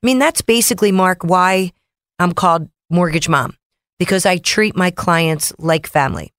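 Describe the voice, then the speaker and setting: A woman's voice: on the low side, a bit bright, dry recording, studio quality. Chatty female mortgage officer on radio. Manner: brisk, chatty, reels off figures. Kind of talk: casual radio talk. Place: radio studio.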